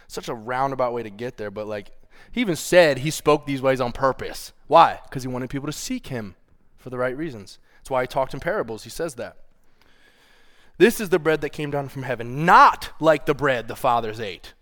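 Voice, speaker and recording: A young adult man preaching a sermon, reading scripture with feeling and playful, animated asides. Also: on the high side. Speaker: pastor.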